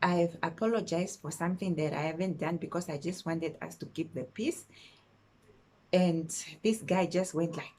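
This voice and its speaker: A woman's voice: on the low side, unhurried, darkish tone. A woman telling a personal story to camera in a casual storytime monologue, emphatic and indignant, repeating phrases for stress and mixing in words from another language. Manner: mixes local-language words into her talk.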